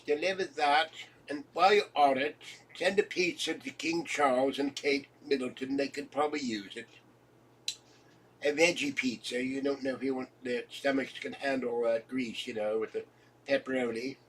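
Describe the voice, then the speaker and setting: A congested man with a husky voice rambles casually at home, chuckling at his own jokes and coughing now and then. He sits at a distance from the mic, so his voice sounds set back in the room. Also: mid-range voice. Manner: joking, chuckling, wandering from topic to topic. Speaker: vlogger.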